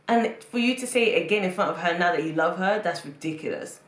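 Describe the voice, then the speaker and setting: A woman's voice: on the low side, quick pace, few pauses, echoey room. A woman giving casual, opinionated commentary on a reality show, often repeating phrases for emphasis. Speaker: reality TV reviewer.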